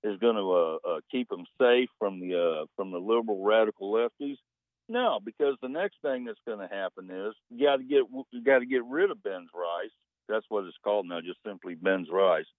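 A man's voice: lowish voice, lively intonation, normal speed, no echo. Male radio caller, rambling, wry, phone-like audio, dry. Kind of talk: phone-in chat. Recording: tinny phone line.

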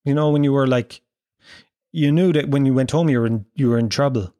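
A man's voice: medium pitch, brisk, dark tone, no room sound, studio quality. A middle-aged Irish man doing a crude, rambling comedic monologue, acting out voices as he goes.

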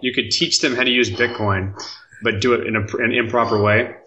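A man's voice: mid-range voice, fairly even intonation, fairly quick, pushed and bright, muffled recording, a little hiss or hum. A man co-hosting a podcast, chatting casually, teasing and explaining with fillers. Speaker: podcast co-host. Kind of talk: casual chat.

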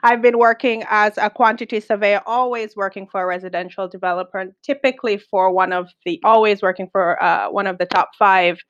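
A woman's voice: mid-range voice, fairly even intonation, brisk, hardly any pauses, lo-fi sound. A woman from Jamaica with a Jamaican accent, a guest answering interview questions confidently with light laughs. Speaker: guest, project manager.

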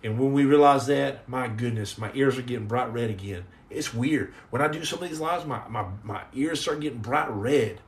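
A man's voice: medium pitch, normal speed, hardly any pauses. A middle-aged man chatting casually on a livestream, answering viewer comments in a rambling, joking way that often repeats and restarts words.

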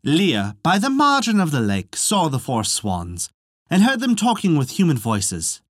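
A podcast storyteller reads an old legend at a measured pace, with a highly animated voice that climbs and falls widely. The sound is close and dry, with no echo. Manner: measured, expressive reading. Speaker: storyteller narrating folklore. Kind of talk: audiobook-style narration.

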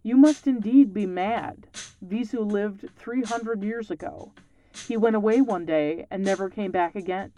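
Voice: medium pitch, steady tone, moderate pace, close to an everyday voice, rough recording. Narrator voicing a hissing scornful old woman. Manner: hissing, sharp and loud. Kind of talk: read-aloud folktale.

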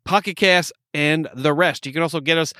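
A man with an upstate New York accent, co-hosting a casual podcast. His voice sits a bit high, and it is recorded close and dry. He jokes, laughs a lot and trips over restarts. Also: a little fast, pushed and bright, clean tone, no echo. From New York State. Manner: jokey, laughs often, rambling restarts. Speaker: podcast co-host. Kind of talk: casual chat.

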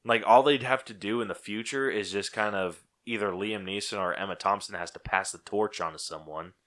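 A man co-hosts a relaxed podcast, talking movies in a loose, joking way. His voice sits a bit low yet comes across bright and forceful. He laughs often and swears casually. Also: brisk. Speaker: podcast co-host. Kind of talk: casual chat.

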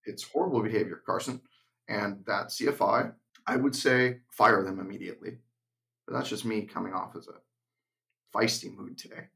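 A man's voice: lowish voice, gravelly. A young adult man co-hosting an aviation podcast and sharing his view as a flight instructor, blunt and emphatic in casual chat. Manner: blunt, emphatic, slips into a deliberate monotone when acting out cockpit instructions.

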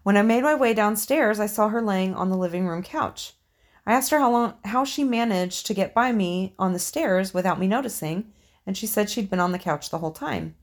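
A woman's voice: mid-range voice, expressive, fairly quick. A woman co-hosting a podcast, reading listener ghost stories aloud and chatting casually, with occasional swearing. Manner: swears casually, laughs often.

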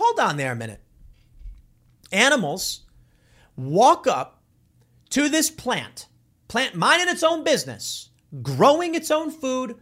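Man, casual opinion monologue, lively swooping delivery, slightly higher voice, jokey. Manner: animated, joking, acts out quoted voices.

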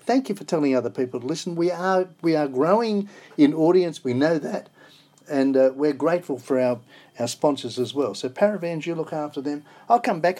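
A man's voice: a little high, warm tone. A man hosting a weekly radio show in an enthusiastic, emphatic, casual way. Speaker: radio host.

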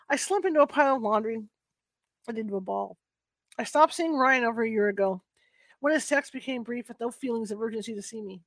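A woman with a fairly high voice reads a first-person novel aloud. She keeps a soft, unhurried pace and sometimes stumbles and restarts a word. The sound is close and dry. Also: no echo. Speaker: book reader.

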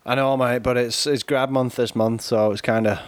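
Male host, mid pitch, easy joker, dry close mic. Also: steady tone, normal speed, no echo. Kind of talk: casual chat.

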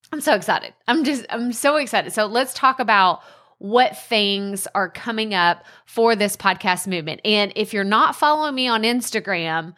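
A woman's voice: mid-range voice, pushed and bright. A young adult woman with an East Texas accent, hosting a casual solo podcast from her home, bubbly and chatty. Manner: bubbly and chatty, laughs often. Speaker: podcast host. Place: home room by a window.

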